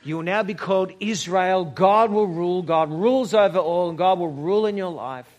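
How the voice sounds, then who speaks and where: A pastor preaches a sermon during a church service, measured and reflective, using dramatic pauses and sometimes dropping almost to a whisper. His voice is high with a darkish tone, and the sound is lo-fi.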